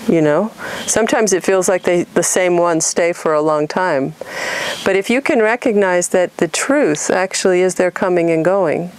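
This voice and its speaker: A woman's voice: fairly low pitch, normal speed, darkish tone, a little hiss or hum. A middle-aged woman from California giving an earnest spiritual talk, acting out inner voices and asking rhetorical questions. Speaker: spiritual teacher.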